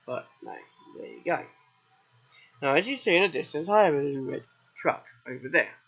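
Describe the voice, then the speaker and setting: A man's voice: on the high side, animated, a little fast, vocal fry, fairly bright tone, dull audio. A British man with a sore throat, chatting casually through a farming game as its host, rambling and answering his own questions. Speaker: let's play host.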